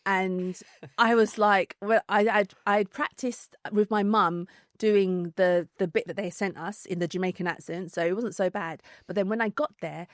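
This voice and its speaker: Podcast guest: woman with a London accent, lively storyteller full of ums and laughs, mid-pitched voice. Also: normal speed, dry recording, studio quality. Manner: animated, laughing, many fillers and restarts. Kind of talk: casual storytelling chat.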